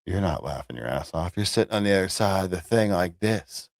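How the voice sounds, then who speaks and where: A man chatting on his livestream in a sarcastic, offhand way, often stopping and restarting his words. His voice sits in a middle pitch and sounds dry and close. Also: lively intonation, fairly quick, vocal fry, no room sound. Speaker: livestream host. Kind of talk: casual livestream chat.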